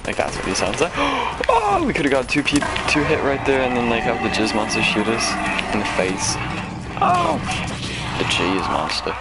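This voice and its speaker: A man's voice: mid-range voice, animated, a little fast, over loud music. A man streaming a video game, chatting casually and telling a rambling, self-deprecating story while he plays. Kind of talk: casual gameplay commentary and storytelling.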